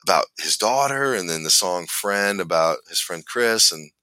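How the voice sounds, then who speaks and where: Deep-voiced man telling a rambling story. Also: lively intonation, moderate pace, pushed and bright, no room sound. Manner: rambling, restarts often, laughs while telling. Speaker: podcast host. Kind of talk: casual storytelling chat.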